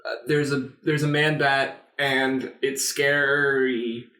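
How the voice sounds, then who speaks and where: A man's voice: mid-range voice, level tone, slow pace, sharp tone. Young dude rambling about games, laughs a bunch, roomy echo on his mic. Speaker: podcast co-host. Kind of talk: casual chat.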